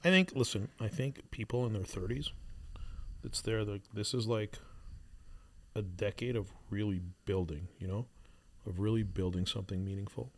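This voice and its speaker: Man, 30s, podcast co-host. Reflective, halting, restarts often. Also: fairly low pitch, steady tone, gravelly, darkish tone. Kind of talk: casual chat.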